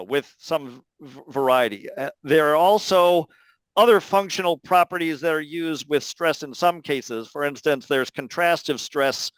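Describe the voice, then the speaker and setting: A man giving an academic talk, explaining carefully in a measured way with frequent pauses. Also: on the high side, fairly bright tone, no room sound, rough recording. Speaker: linguistics lecturer. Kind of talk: academic talk answering questions.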